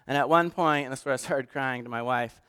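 A man's voice: medium pitch, fast talker, pushed and bright, smooth. A man speaking as a pastor to his church in a conversational sermon, moving from joking asides to earnest, emotional storytelling.

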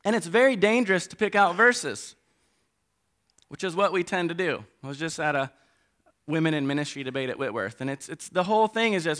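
The sermon comes from a middle-aged man with a fairly high pitch who speaks briskly. Animated, he swings from loud emphasis into quiet asides and back.

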